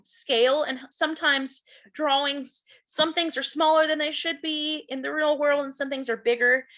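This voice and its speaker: Woman reading a kids storybook out loud, high voice, slow, stops to explain stuff, bit muffled. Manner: gentle, explaining asides to young listeners. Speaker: children's story reader. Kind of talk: storybook read-aloud for children.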